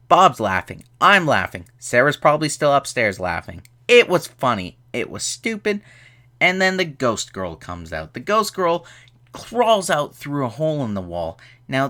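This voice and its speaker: Young dude ranting through a movie recap, bright voice, keeps flipping into squeaky mocking voices. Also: male voice. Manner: animated, exasperated, jumps into high mocking voices for characters. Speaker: movie reviewer. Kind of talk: casual spoken movie review.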